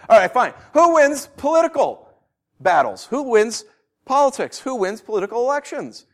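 Guy preaching a sermon, voice jumps all over, goes quiet then loud. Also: extremely high pitch, a little fast. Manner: animated, rhetorical questions, swings from quiet to loud.

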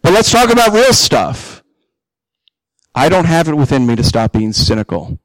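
A male pastor preaching a sermon, animated, acting out the inner voices of believers. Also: a little high, normal speed, dry recording, low-quality recording. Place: church.

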